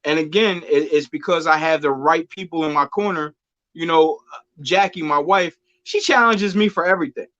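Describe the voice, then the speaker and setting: A man's voice: fairly high pitch, normal speed, fairly bright tone, highs cut off. A man hosting a podcast, asking questions in an upbeat way and laughing often. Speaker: podcast host. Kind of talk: casual podcast chat.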